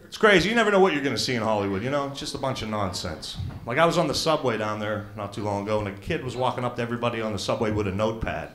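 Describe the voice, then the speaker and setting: A man's voice: mid-range voice, expressive, very fast, hardly any pauses, fairly bright tone. A man performing stand-up in a casual, laid-back storytelling way. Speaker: stand-up comedian. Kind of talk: stand-up set. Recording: roomy club, faint noise.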